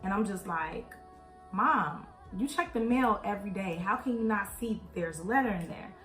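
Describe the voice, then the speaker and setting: A woman's voice: mid-range voice, normal speed. A young woman casually telling a personal story to her viewers as she does her makeup, playing out other people's lines in voices. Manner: animated, acts out quoted voices, addresses viewers as y'all. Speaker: beauty vlogger. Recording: echoey room with faint music.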